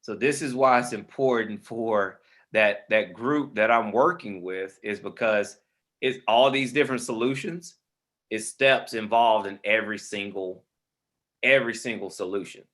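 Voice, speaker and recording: A man's voice: on the low side, a little slow, fairly bright tone. A man teaching a real estate webinar on a video call, informal and friendly, calling listeners man and brother. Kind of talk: online webinar instruction.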